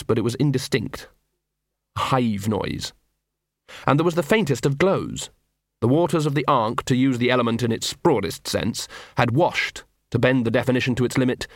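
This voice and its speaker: A man narrating a comic fantasy audiobook in a wry, expressive way on a close studio mic. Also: mid-range voice, no room sound.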